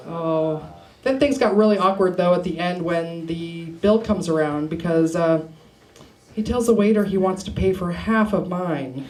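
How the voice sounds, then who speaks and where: A woman performs a stand-up set in a small bar. She is playful and often laughs at her own jokes. The live recording carries clear background noise. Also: fairly low pitch, normal speed, darkish tone. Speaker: stand-up comedian. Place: small bar open mic. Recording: noisy live room recording.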